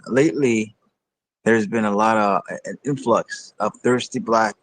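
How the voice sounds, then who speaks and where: A man from Ethiopia calling in to a livestream, talking in a halting, hesitant way. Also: lowish voice, low-quality recording. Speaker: caller. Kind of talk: call-in argument.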